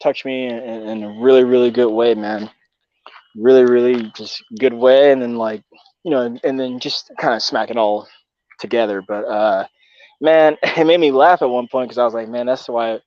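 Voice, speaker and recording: A man's voice: mid-range voice, moderate pace, a little mellow, no room sound, highs cut off. A man from Texas talking casually as a co-host, rambling and swearing with many fillers. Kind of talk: casual chat.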